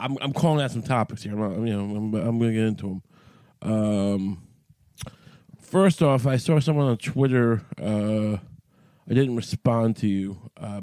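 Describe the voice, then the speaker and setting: A man's voice: on the low side, warm tone, no room sound. A man hosting a solo podcast, talking in a crude, profane, rambling comic way, his voice a little cracky from the morning, recording in a small closet. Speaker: podcast host.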